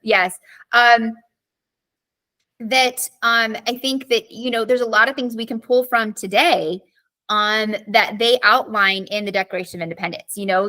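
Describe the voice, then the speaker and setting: A woman government teacher giving a casual live online lesson, chatty and animated, full of fillers as she tells stories. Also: fairly high pitch.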